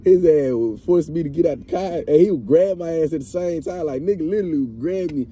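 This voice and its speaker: A young man, telling a story to friends in a car in an animated, profane, laughing way. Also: on the high side, quick pace, slight background noise. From Mississippi, US. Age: young adult. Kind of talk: casual storytime among friends.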